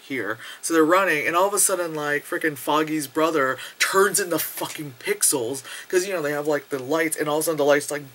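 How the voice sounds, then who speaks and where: Male reviewer, slightly high and bright-toned, loose and profane, rambling, recorded close to camera. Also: brisk, hardly any pauses, a little hiss or hum. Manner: rambling, profane and excitable, with many fillers. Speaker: movie reviewer. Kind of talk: casual spoken movie review. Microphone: camera close to the face.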